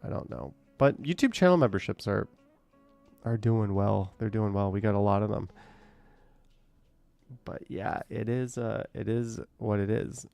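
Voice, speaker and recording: Gravelly-voiced man rambling on a stream. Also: lowish voice, a little slow, long pauses, dark tone, dry recording, soft background music. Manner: rambling and hesitant, trails off with fillers. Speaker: live streamer reading viewer chat. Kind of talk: casual live-stream chat.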